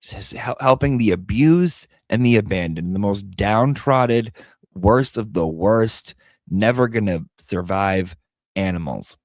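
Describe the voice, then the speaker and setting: Guy with a low gravelly voice, casual storytelling, candid, swears and repeats himself, dry close sound. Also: unhurried, no echo. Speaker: vlogger and pet owner.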